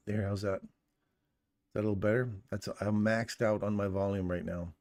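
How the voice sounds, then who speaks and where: A man's voice: on the low side, steady tone, moderate pace, darkish tone. A man hosting a live trading stream, chatting casually and joking while talking himself through his audio settings. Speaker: trading livestream host. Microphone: studio condenser mic.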